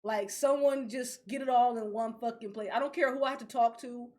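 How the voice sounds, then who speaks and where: Brief: young woman, high voice, animated profane rants, podcast co-host. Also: brisk. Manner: animated, ranting, laughs often, profane. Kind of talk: casual podcast chat.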